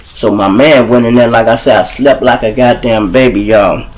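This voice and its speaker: A man's voice: mid-range voice, normal speed, rough recording. A man from Chicago with a Chicago accent, hosting his show and telling raw, profane street stories straight to his listeners. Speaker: host and storyteller. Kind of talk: casual street storytelling.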